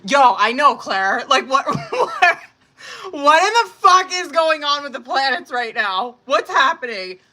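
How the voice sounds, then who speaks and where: A woman's voice: high-pitched, very animated, measured pace, sharp tone. A woman in her thirties or forties chatting casually on a live tarot stream, blunt and profane, laughing often as she reads out messages. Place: home kitchen.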